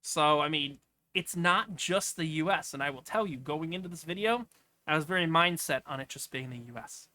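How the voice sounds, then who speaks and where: A man's voice: a little high, normal speed, pushed and bright. A man giving casual, off-the-cuff commentary as he clicks through travel listings, rambling with asides. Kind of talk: casual screen-share commentary.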